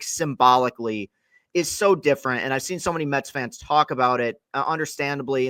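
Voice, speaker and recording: Young male podcast host, bright forceful tone, dry close mic, wordy and self-correcting. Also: mid-range voice, no room sound. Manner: rambling, self-correcting, long wind-up questions. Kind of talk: casual interview podcast.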